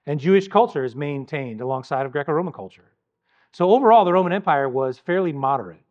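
A man teaching about the Bible in a measured, emphatic way, pausing deliberately on key words. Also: a little high, expressive, highs cut off. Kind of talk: scripted Bible teaching narration.

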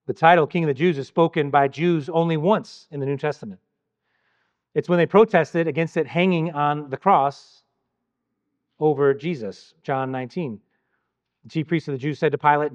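Measured, emphatic male Bible teacher. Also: fairly high pitch, dull audio. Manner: measured and emphatic, with deliberate pauses. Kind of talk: scripted Bible teaching narration.

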